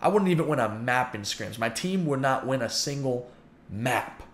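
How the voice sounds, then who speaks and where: A man's voice: medium pitch, expressive, moderate pace, reverberant. A man in his twenties venting his frustration in a heated, repetitive vlog monologue. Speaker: YouTuber and pro gamer.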